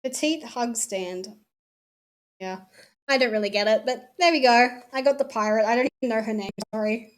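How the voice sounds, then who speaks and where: A woman's voice: on the high side, normal speed. A young Australian woman chatting casually as she unboxes souvenirs, swearing offhand and trailing off mid-sentence. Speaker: streamer. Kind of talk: casual chat while unboxing.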